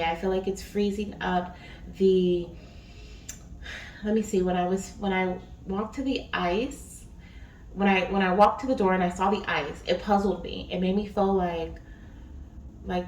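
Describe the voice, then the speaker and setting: A woman's voice: fairly low pitch, fairly even intonation, normal speed. A woman giving a casual spiritual reading, chatty and rambling with many fillers. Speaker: spiritual reader. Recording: echoey room, distant mic, faint noise.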